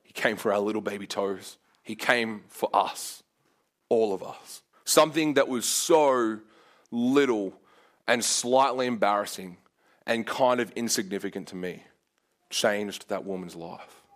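A young man preaching a sermon, telling a story casually with lots of filler words and growing animated as he acts out his own prayers. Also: fairly low pitch, measured pace.

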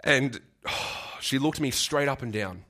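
A man's voice: mid-range voice, expressive, pushed and bright. Earnest young man preaching. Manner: earnest, halting, repeats words, gets choked up. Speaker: guest preacher. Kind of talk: sermon with personal story.

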